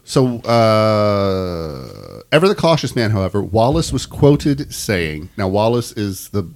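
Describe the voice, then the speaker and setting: A man's voice: lowish voice, very animated, slow pace, vocal fry. A man hosting a casual podcast, reading a story from notes and laughing often. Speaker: podcast host.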